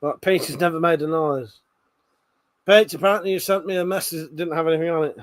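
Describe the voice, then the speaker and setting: A man's voice: a little high, fast talker. An English man hosting a live stream in casual chat, swearing often and gloating at his viewers. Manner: swears a lot, mocking and gloating. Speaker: livestream host.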